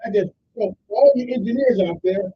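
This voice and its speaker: A man's voice: high-pitched, brisk, far from the mic, highs cut off, a little hiss or hum. A man hosting a radio call-in show in casual talk, rambling and often checking in with "okay?". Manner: rambling, keeps asking "okay?".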